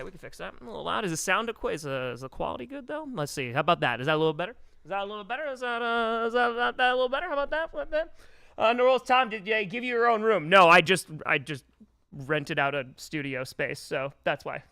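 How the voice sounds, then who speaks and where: High-ish, super bright guy chatting on a live stream from a studio, energetic and rambly. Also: clean tone. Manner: energetic, chatty, fussing over audio settings and reading viewer messages aloud. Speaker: livestream host. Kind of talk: casual live-stream chat. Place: rented studio space.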